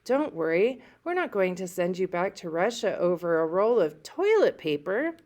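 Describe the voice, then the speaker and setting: A woman's voice: fairly low pitch, big pitch swings, moderate pace, a little mellow. A woman reading aloud, voicing a kind adult nurse who speaks reassuringly.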